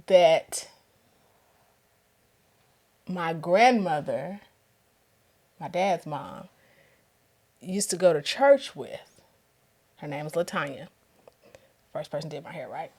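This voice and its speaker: A woman telling a personal story in casual conversation, acting out the voices of other people with laughter. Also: fairly low pitch. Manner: animated, acts out quoted voices with laughter. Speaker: guest.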